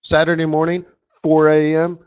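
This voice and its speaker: A man's voice: fairly high pitch, monotone, normal speed, smooth. Joking man, muffled webinar audio. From Canada. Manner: joking, chatty, repeats "right?" often. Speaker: forex market strategist presenting a webinar. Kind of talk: live webinar lecture, casual and rambling.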